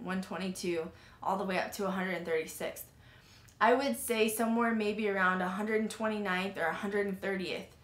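A woman hosting a paranormal podcast, telling her story casually and animatedly, with lots of "like" fillers and some swearing. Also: mid-range voice. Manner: animated, filler-heavy retelling with frequent "like" and swearing. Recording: roomy echo.

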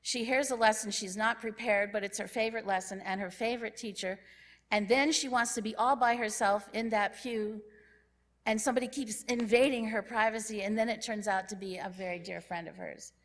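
A woman giving a sermon in a church, telling a story in a lively way and acting out what the people in it say. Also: on the high side, moderate pace. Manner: lively storyteller who acts out characters' lines. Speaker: church speaker. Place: church sanctuary.

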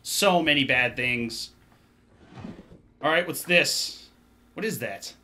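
A man's voice: medium pitch, takes it slowly, pushed and bright, slight background noise. A young man commenting on a horror game as he plays, jumpy and swearing and talking to himself. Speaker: gaming YouTuber. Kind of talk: let's play commentary.

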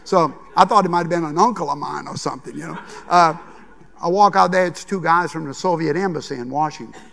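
Older man, Cajun accent, folksy keynote storyteller, gravelly, big reverberant conference hall. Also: fairly high pitch, fairly quick. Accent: Cajun Louisiana. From Louisiana, USA. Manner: folksy, animated storyteller acting out dialogue. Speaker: chef giving a conference talk. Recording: long reverb of a large hall.

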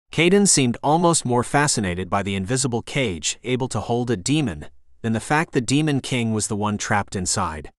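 A man reading a first-person fantasy audiobook in a measured, dramatic storytelling manner. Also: medium pitch, very animated, no room sound, studio quality. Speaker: audiobook narrator.

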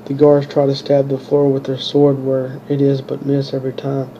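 A man reads his own story in a flat, unvarying voice with a dark, mellow tone. He stumbles and restarts words as he goes. The recording is dull and lo-fi with a faint hiss behind it. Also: mid-range voice, normal speed. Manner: monotone reading with stumbles and restarts. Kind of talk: unpolished audiobook narration.

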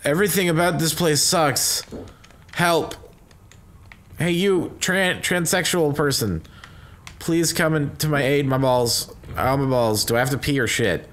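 Brief: male game commentator, bright forceful tone, lively swings, crude loud outbursts, faint background hiss. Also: medium pitch, unhurried. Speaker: gaming commentator. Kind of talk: let's play commentary.

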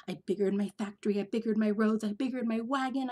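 A woman reading a storybook aloud in an expressive way, often dropping into breathy whispers. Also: fairly high pitch, fast, few pauses. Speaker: storybook reader. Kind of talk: read-aloud storybook narration.

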